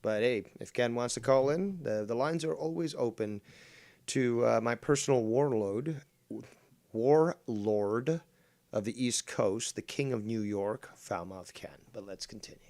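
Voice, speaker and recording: A man's voice: mid-range voice, measured pace, a little mellow, no echo. Male drama streamer, casual rambling commentary, sarcastic and foul-mouthed, dry close sound. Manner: rambling, sarcastic, swears freely.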